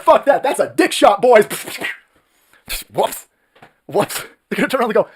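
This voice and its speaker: Brief: male streamer, high voice, rapid-fire profane rant, mocking. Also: very animated, creaky. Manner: profane, mocking, shouting rants with mimicked voices. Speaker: live stream host. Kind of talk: ranting political live stream.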